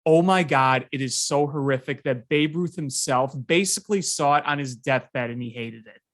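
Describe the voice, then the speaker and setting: A sports podcast co-host in casual chat, telling stories in an animated, ranting way. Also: mid-range voice, normal speed. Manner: animated storyteller, ranting about bad movies.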